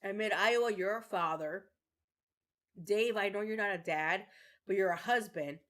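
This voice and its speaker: With a medium-pitched, slightly bright voice at normal speed, a mother streaming a game angrily rants at her chat, swearing and going over the same points repeatedly.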